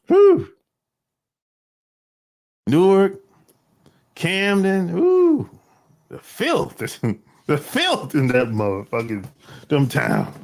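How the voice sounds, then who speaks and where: A man's voice: a little high, gravelly. A man hosting a livestream, chatting casually with viewers in a rambling, profane way and laughing often. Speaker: livestream host.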